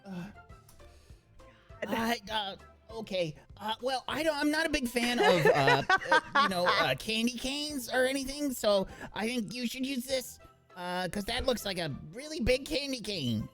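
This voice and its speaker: A woman's voice: on the high side, animated, unhurried, a bit bright, soft background music. A woman playing in a tabletop role-playing game, hesitant and full of fillers. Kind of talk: casual game-table chat.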